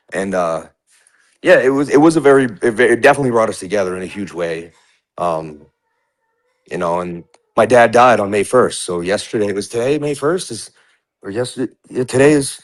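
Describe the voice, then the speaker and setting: A man's voice: mid-range voice, dry recording, poor audio. A man in his forties from New York, a guest telling personal stories in a rambling way, full of filler words. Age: 40s. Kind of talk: casual conversation.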